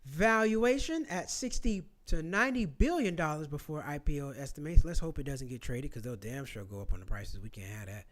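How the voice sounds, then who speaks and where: A man's voice: a little high, fairly quick, hardly any pauses. A man vlogging casually, reading facts aloud and talking back to them with swearing and blunt asides. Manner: animated, swearing, talking back to what he reads. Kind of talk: casual commentary reading and browsing online.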